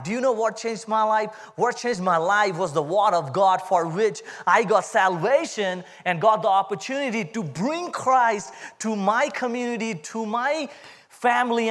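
A man with an Indian accent giving a humorous, animated testimony sermon to a church congregation. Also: sits high. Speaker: guest speaker giving testimony.

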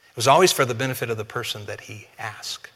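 A man's voice: mid-range voice, fast talker, sharp tone, big-room sound. A male pastor preaches a conversational sermon with humor and speaks directly to his congregation.

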